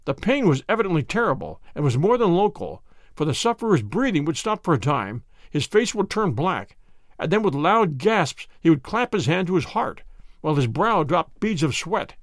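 Male narrator reading a story, dramatic and measured, higher voice, very lively pitch, dry sound. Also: dry recording. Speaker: audiobook reader. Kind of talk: scripted first-person story narration.

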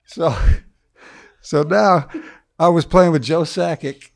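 A man's voice: on the high side, fairly even intonation, a little slow, creaky, slight background noise. An older man, a former football player, tells a crude, funny anecdote as a podcast guest in a studio, chuckling as he goes. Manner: laid-back, crude anecdote told with chuckles. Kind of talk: casual storytelling interview.

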